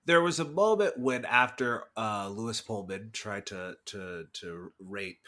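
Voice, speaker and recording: Un hombre que copresenta un pódcast en una charla informal, bromeando y saltando a imitaciones. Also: male voice, fairly low pitch. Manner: animated, jokey, quick to slip into bits. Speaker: podcast co-host. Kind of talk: casual chat.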